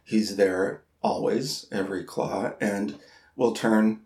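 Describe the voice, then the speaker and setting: A man co-hosting a podcast, telling a story in casual chat, halting and repeating words, laughing at himself. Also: fairly low pitch, steady tone, darkish tone, echoey room. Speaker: podcast co-host.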